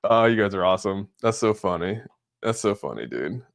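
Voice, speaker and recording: A man's voice: lowish voice, sing-song, brisk, vocal fry. A young man hosting a live crypto stream, reacting to his chat with frequent laughter and lots of "dude". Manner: laughs often, says "dude" a lot, giddy and amused. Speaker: crypto livestream host.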